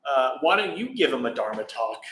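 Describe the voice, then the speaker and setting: A man's voice: medium pitch, very animated, brisk, fairly bright tone, slight background noise. A man doing a tired, proud rival teacher. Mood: offhand. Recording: echoey room.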